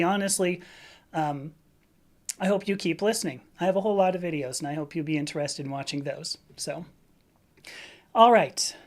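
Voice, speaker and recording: A woman with a Southern California Valley accent, hosting a relaxed live stream. She talks candidly and conversationally, answering viewer comments, with plenty of "um"s and little restarts. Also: fairly low pitch. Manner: chatty and candid, with frequent fillers and restarts.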